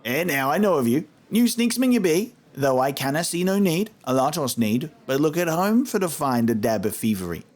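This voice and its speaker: A man voicing a gruff street thief who talks in thick, old-fashioned thieves' slang and sounds scornful. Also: fairly high pitch, big pitch swings, moderate pace, few pauses, pitched above the performer's own voice. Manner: scornful, archaic slangy talk.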